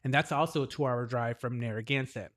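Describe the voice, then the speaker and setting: A man's voice: medium pitch, a little fast. Chatty man in his forties, storytelling. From New England, US. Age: 40s. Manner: animated storyteller who acts out the voices of others in his stories. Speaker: podcast co-host. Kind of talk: casual chat.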